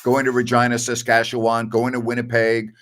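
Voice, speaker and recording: A man's voice: medium pitch, monotone, brisk, heavy background noise. A middle-aged man hosting a sports talk show, blunt and opinionated, telling stories with a laugh. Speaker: sports radio host.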